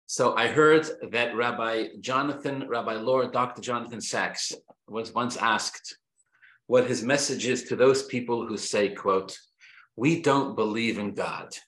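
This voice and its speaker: A man's voice: mid-range voice, unhurried, a bit bright. A man giving a Torah class, reading Hebrew verses aloud, then translating and explaining them, and repeating key phrases for emphasis. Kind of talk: Torah lesson. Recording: echoey room.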